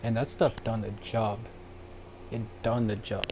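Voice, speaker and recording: A man with a somewhat low voice rambles in an easy, unhurried way during a solo live stream. He drifts from thought to thought and laughs at himself now and then. The audio is a bit dull and lo-fi, with a faint hiss underneath. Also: little pitch movement, a little mellow. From Canada. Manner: rambling, laid-back, chuckles at himself. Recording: dull lo-fi sound with faint background noise.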